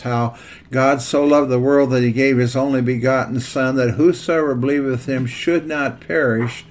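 A man, a pastor hosting a podcast, closing the show in a relaxed, plain-spoken way with a few fillers. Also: mid-range voice. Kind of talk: casual podcast outro.

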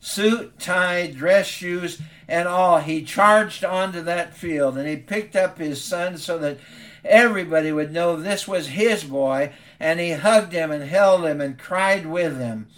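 A man's voice: a little high, takes it slowly, fairly bright tone. Earnest stammering male preacher. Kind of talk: sermon storytelling.

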